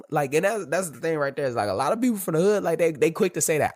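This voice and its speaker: A man's voice: fairly high pitch, big pitch swings, a little fast, hardly any pauses. A man telling profane stories from his time in the military in casual street slang. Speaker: host. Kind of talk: casual storytelling monologue.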